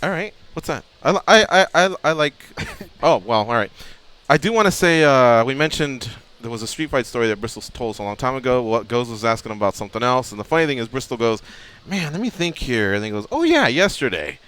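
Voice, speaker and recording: A man's voice: medium pitch, fairly bright tone, smooth. A man hosting a radio talk show from the studio, reading promos and joking with his guests. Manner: fast and joking. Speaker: radio host.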